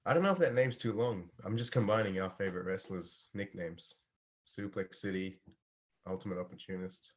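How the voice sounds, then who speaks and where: A man's voice: low voice, moderate pace. A young man co-hosting a casual podcast, blunt and dismissive in his opinions, laughing often. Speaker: podcast co-host. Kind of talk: casual chat.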